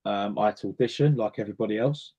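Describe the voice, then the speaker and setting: A man's voice: fairly low pitch, quick pace, warm tone. Chatty man telling anecdotes. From North West London. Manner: chatty anecdotal storytelling, repeats words while thinking. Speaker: interview guest, singer and actor. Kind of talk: casual interview chat.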